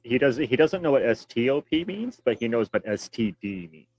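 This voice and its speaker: A man's voice: medium pitch, sing-song, normal speed, a little mellow. Wisecracking man co-hosting a stream. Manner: joking, wisecracking. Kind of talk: casual live-stream banter.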